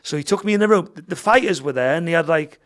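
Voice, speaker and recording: A man's voice: a little high, lively intonation, fast, fairly bright tone. A middle-aged man, a fighter and gym owner telling a story as a podcast guest, swearing freely and acting out what people said. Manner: swears freely, tells the story with quoted dialogue. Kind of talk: casual storytelling in a podcast interview.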